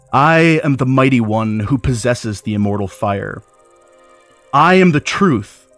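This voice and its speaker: A man playing a woman chanting a dark invocation. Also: medium pitch, natural voice. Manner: solemn, rising declamation.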